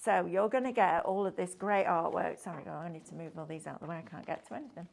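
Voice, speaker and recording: With a fairly low, gravelly yet slightly mellow voice and a quick pace, a woman runs a craft shopping show. Enthusiastic and chatty, she demos products live and keeps asking tag questions.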